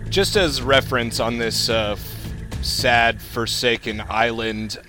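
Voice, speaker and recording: A man of middling pitch plays his character at the table, chatty and casual, swearing now and then. Faint music sits behind him. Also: steady tone, takes it slowly. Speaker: player.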